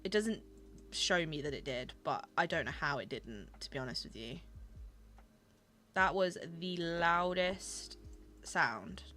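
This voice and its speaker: Bright-voiced woman streaming a game. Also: deep voice, lively intonation, slow, long pauses. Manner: gushing and chatty, talking to her chat. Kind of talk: casual chat while playing a game.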